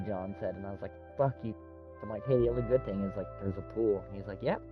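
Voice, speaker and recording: A man's voice: lowish voice, a little fast, long pauses, phone-quality sound, faint music behind. A man in casual chat, telling long rambling stories full of swearing. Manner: rambling, profane storytelling.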